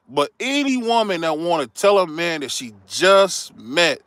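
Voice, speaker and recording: Man, middle-aged, heated confrontational rant, high animated voice, dry close sound. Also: measured pace, few pauses, smooth, dry recording. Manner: fiery, confrontational, preachy. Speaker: commentary show host.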